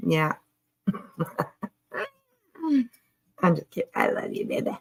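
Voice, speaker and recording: A woman's voice: deep voice, wildly swooping pitch, takes it slowly, gravelly, long pauses, breathy edge. A woman doing casual live commentary on a clip, sarcastic and chatty, greeting her viewers. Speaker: commentary streamer.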